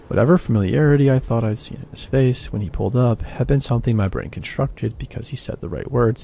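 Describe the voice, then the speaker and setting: A man reading a first-person horror story as scripted narration, in a quiet, even way. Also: lowish voice, gravelly, a little hiss or hum. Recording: voice-over with faint music beneath.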